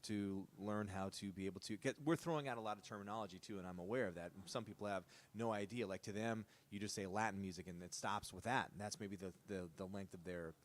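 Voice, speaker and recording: Low-voiced man hosting an interview. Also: fast, hardly any pauses. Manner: rambling, winding questions with asides. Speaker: host. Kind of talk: casual interview talk.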